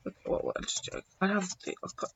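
A young man giving excitable, joking commentary while playing a video game, swearing now and then. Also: fast. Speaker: gaming YouTuber. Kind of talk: casual gameplay commentary. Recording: dull lo-fi dry sound.

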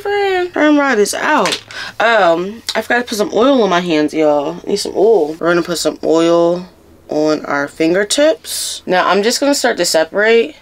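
A woman's voice: on the low side, gravelly. A young woman chatting through a casual hair tutorial vlog, talking to her viewers like friends. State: raspy just-woken voice. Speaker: hair vlogger.

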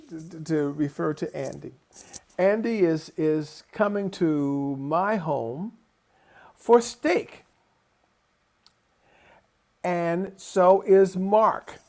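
A man gives a conference talk over a video call, telling his stories slowly and with a gravelly edge. His voice sits a little high, and he brings the people he quotes to life as he speaks. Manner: animated storyteller, acting out quoted voices. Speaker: choral conductor and lecturer. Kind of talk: conference lecture with personal storytelling.

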